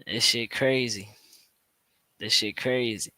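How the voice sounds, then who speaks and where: A man's voice: mid-range voice, steady tone, slow pace, sharp tone, no echo. A man hosting a podcast, reacting to a played clip in casual, slangy commentary full of restarts and repetition. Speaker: podcast host.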